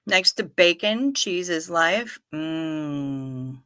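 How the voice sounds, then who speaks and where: A woman hosts a casual livestream, chatting easily with her viewers and answering their comments as they come in. Her voice is bright and forward, and she speaks at an unhurried, leisurely pace. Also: fairly low pitch, lively intonation, clean tone. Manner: chatty, warm toward viewers, reads comments aloud, apologetic asides. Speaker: livestream host reading chat.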